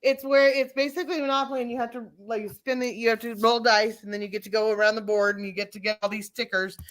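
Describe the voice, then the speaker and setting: A middle-aged woman telling stories in casual chat, acting out the quotes with lively energy. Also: on the high side, fast talker. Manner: animated storyteller, acts out quotes.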